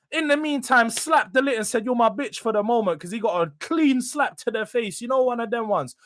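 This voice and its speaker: This young man runs a fan reaction show and talks in a fairly high register at a normal speed. Venting about the match, he builds to sudden shouts before easing off again.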